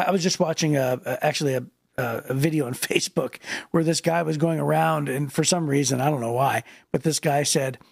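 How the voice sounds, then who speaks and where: A man's voice: fairly high pitch, gravelly, no echo, studio quality. A man co-hosting a podcast, talking casually about the Bible with many fillers and restarts. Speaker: podcast co-host.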